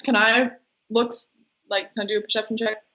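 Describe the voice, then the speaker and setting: A woman playing a tabletop game talks quickly in a chatty, slightly defensive way. Her voice sits a bit high, and the audio is slightly muffled and lo-fi. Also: level tone, sharp tone. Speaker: player.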